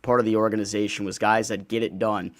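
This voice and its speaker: A man hosting a sports podcast, chatting in a friendly, relaxed and agreeable way. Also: lowish voice, fast talker, no room sound. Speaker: podcast host. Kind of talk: casual sports podcast chat.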